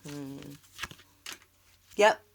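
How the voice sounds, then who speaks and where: A woman's voice: very slow, background noise. A woman giving a tarot reading, talking earnestly and reassuringly, repeating short words of encouragement. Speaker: tarot reader.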